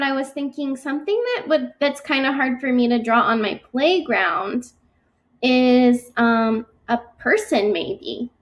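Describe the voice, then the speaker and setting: Slow, high-voiced woman teacher. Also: lo-fi sound. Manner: stretches words out slowly when sounding them out; encouraging, patient. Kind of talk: slow, gentle classroom instruction for young children.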